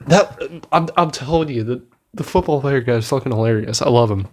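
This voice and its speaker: A man's voice: medium pitch, a little fast, few pauses, darkish tone. A man giving a casual spoken movie review, rambling and swearing enthusiastically as he retells scenes. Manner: rambling, profane, enthusiastic, laughs at his own retelling.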